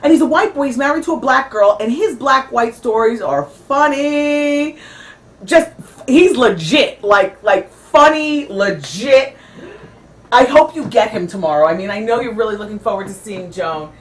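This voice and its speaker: A woman's voice: on the high side, expressive, a little slow. Chatty woman talk show host. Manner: chatty, rambling, peppered with "you know" and "like"; candid, dramatic storytelling. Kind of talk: casual after-show chat.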